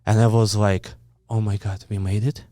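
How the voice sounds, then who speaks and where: A man's voice: fairly low pitch, level tone, moderate pace, warm tone, dry recording, studio quality. A man in his thirties with a Ukrainian accent and broken English, telling a story as an interview guest, blunt and swearing often, acting out the people he quotes. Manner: broken English, frequent restarts.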